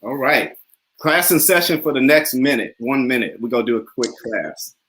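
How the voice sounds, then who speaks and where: A man's voice: mid-range voice, expressive, normal speed, fairly bright tone. A young adult man hosting a casual interview, upbeat and encouraging, often laughing. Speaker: talk show host.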